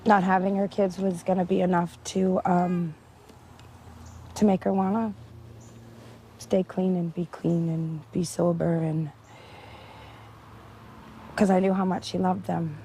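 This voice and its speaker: A woman speaking haltingly in a documentary interview as a relative of the interviewee. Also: fairly low pitch, little pitch movement, dark tone, a little hiss or hum. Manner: halting, hesitant. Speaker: family member of interviewee.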